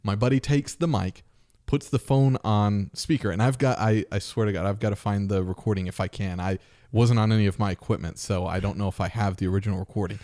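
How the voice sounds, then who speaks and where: A man's voice: fairly low pitch, steady tone, fast, few pauses, warm tone. A man in his thirties, a podcast host, telling a story in a casual chat and acting out the voices of people in it.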